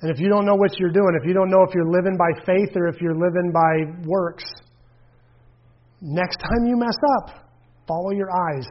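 High-voiced pastor, dull recording. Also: male voice, moderate pace. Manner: conversational, searching for words, acts out quoted voices. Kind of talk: sermon with audience questions.

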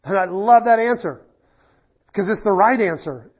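High, husky-voiced pastor preaching. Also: male voice, lively intonation, normal speed. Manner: conversational storytelling with frequent restarts; emphatic and earnest when preaching. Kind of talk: sermon. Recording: slightly dull lo-fi sound.

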